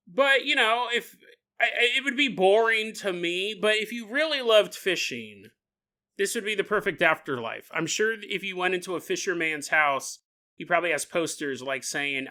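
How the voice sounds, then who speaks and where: A man hosting a podcast, riffing in a comedic monologue, laughing often and acting out quick voices. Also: sits high, animated, pushed and bright. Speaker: podcast host.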